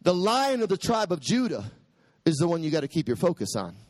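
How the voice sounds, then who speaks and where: A male preacher delivers his sermon in a high, lively voice that leaps up and down. He quotes scripture with dramatic flair and climbs to shouted peaks. The sound is dry and close, with no room echo. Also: fairly quick. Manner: preaching with soaring pitch and sudden shouted peaks.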